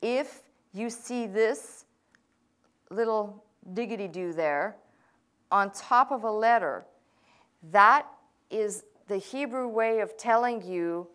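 A woman's voice: medium pitch, takes it slowly, a bit bright, clear, resonant tone. A woman teaching a language class as a pastor, in a mid-range voice. She walks through each point patiently and methodically. She drops in casual, self-deprecating asides along the way. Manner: patient, explaining step by step with asides.

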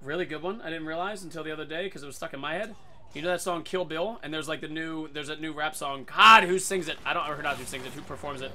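A man hosting his own gaming channel, giving live commentary over a match and breaking into loud excited outbursts. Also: on the high side, fast. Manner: excitable, loud outbursts and yelling at other players. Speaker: gaming video host. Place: home room.

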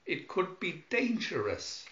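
A man's voice: sits high, very animated, slow pace, fairly bright tone, voice pushed up, full character voice. A man voicing an eager young boy. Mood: excited. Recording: echoey, dull home recording.

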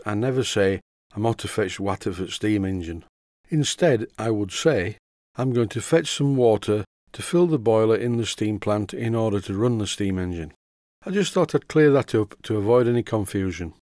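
A Yorkshire man talks through a workshop tutorial in a steady, methodical way, with dry humour. His voice sits low, and the recording is close and dead dry with no room sound. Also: no echo. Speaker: model engineering tutorial presenter. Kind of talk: instructional voice-over.

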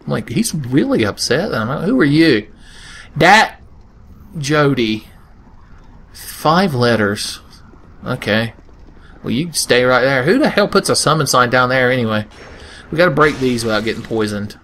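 A man's voice: mid-range voice, lively intonation, unhurried, pauses often, a bit bright, slight background noise. A young man giving casual, joking gameplay commentary with crude humor, often slipping into silly voices. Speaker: let's play host.

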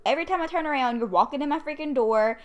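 Woman doing a fed-up single-mom rant, a little high, exasperated. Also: fast, close to an everyday voice. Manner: exasperated, ranting. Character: fed-up young single mother scolding her ex. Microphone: USB condenser desk mic.

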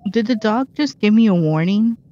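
Reacting aloud to on-screen events, this gameplay streamer keeps up a relaxed, self-mocking let's-play commentary. Her medium-pitched voice is expressive and mellow at a normal speed, captured with a lo-fi sound.

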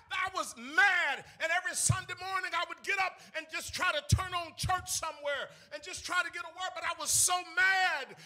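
A preacher in his thirties with a very high, sharp, ringing voice. He delivers an emotional sermon in a sing-song cadence. He rises to shouts, then drops to hushed, near-tearful lines. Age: 30s. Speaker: evangelist preacher.

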